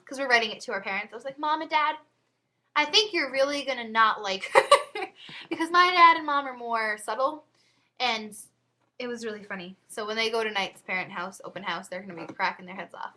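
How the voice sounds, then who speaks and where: A woman's voice: a little high, expressive, fairly quick, sharp tone. A teenage girl chatting casually to her webcam at home, giggly and full of asides. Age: teens. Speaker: vlogger.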